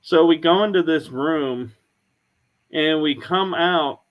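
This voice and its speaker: A man hosting a podcast, telling stories in a casual, unhurried way. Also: a little high. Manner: storytelling, unhurried. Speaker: podcast host. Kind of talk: casual chat.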